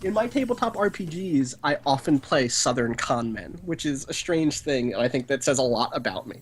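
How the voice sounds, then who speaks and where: Man, mid-pitched, rambling joker on a stream call, faint line hiss. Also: big pitch swings, brisk. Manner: joking, rambling, sarcastic asides. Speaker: stream co-host. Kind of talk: casual chat on a game stream.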